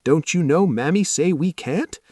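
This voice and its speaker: A man's voice: fairly high pitch, animated, a little slow, dark tone, husky, no room sound, studio quality, pitched above the performer's own voice. A man voicing a cautious young servant boy in rural Southern dialect speech. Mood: wary.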